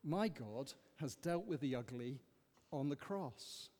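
A man leading an interactive sermon, questioning the congregation in an animated, emphatic way. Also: medium pitch, slow. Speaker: preacher leading a Bible study. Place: church. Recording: echoey church hall.

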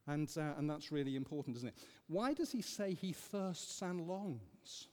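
A man leading an interactive sermon, questioning the congregation in an animated, emphatic way. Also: fairly high pitch, moderate pace, hardly any pauses. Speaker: preacher leading a Bible study. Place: church. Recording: echoey church hall.

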